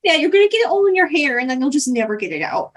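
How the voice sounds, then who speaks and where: A woman's voice: high-pitched, very animated, rapid-fire, voice pushed up. Woman doing a sugary, doting older lady. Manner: sing-song, calls everyone dear. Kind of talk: tabletop role-play.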